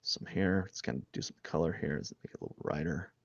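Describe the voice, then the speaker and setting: A man streaming live as he draws, rambling and thinking aloud, restarting his sentences and often trailing off quietly. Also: a bass voice, fast, creaky, slightly rough, dry recording, highs cut off. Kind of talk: casual live-stream narration while drawing.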